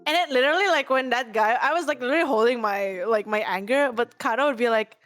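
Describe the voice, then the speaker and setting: A woman's voice: fairly high pitch, quick pace, fairly bright tone, faint music behind. A woman with an Indonesian accent venting in casual chat, heated and sweary, laughing through her rant. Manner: heated, swears freely, laughs while ranting.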